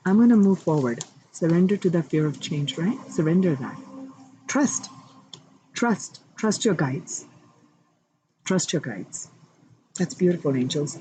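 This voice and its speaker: A woman giving a live tarot reading, speaking warmly and directly to her viewers with affirming spiritual encouragement. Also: sits low, slight background noise, low-quality recording. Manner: chatty, addresses viewers directly. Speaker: tarot card reader.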